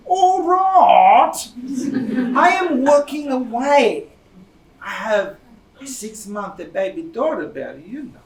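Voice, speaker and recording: An actor playing a proud older Italian immigrant man on stage, speaking animated broken English with an Italian accent. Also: extremely high pitch, slow pace, pauses often, crowd noise, heavily acted. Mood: worried. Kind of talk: stage play acting. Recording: echoey theatre stage from far off.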